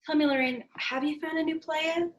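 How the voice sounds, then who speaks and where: A woman's voice: high voice, fairly quick, natural voice. A young woman acting a dry, sardonic secretary in a school play read over a video call. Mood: wry. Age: teens. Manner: deadpan, wry. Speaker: student actor. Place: at home.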